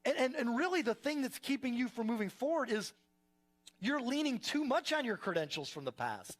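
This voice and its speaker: High-voiced pastor preaching conversationally. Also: male voice, fairly quick. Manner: conversational, energetic storytelling with frequent restarts. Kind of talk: sermon. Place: church service before a live congregation.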